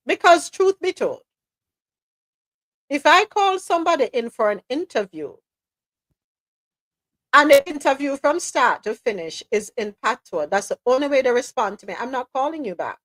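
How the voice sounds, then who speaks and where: A woman's voice: high voice, sing-song, moderate pace, pauses often, a bit bright, no echo. A woman with a Jamaican accent hosting a live talk podcast, giving emphatic, opinionated commentary and slipping into patois now and then. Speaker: podcast host.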